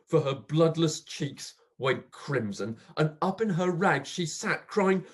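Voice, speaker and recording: A reader voicing a bitter old pauper man, husky, slow, wildly rising and falling, melodramatic recitation. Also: medium pitch, lively intonation. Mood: mournful. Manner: melodramatic, swinging from hushed to loud. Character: grief-stricken old male pauper, bitter and accusing. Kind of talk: dramatic poetry recitation.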